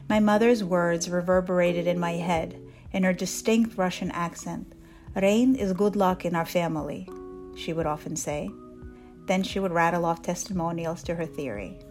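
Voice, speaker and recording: A woman reading her own personal essay aloud in a measured, candid storytelling voice. She grew up in Soviet Ukraine. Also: on the low side, a little mellow.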